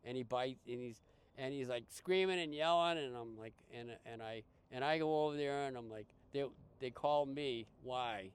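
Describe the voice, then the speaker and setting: A man, a podcast guest, telling a casual story in a rambling way with many restarts and animated quoted dialogue. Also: mid-range voice, moderate pace, clean tone. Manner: rambling, full of restarts and fillers, animated quoting.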